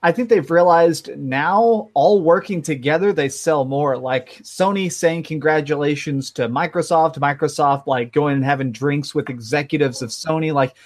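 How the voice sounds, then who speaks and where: A man's voice: on the high side, normal speed, hardly any pauses. A man in a casual gaming chat, easygoing and thoughtful. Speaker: podcast co-host.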